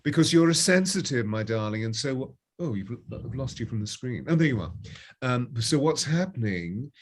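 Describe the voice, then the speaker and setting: A man's voice: medium pitch, lively intonation, moderate pace. A man speaking as a spiritual guest on a live call-in show, effusive and flowery, calling callers darling.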